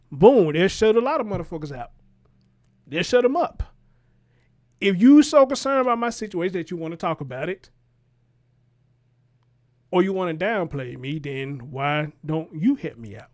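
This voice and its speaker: A man reacting to a news clip as host, talking in an animated, profane way and firing rhetorical questions. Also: sits high, moderate pace, pauses often. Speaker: commentary show host.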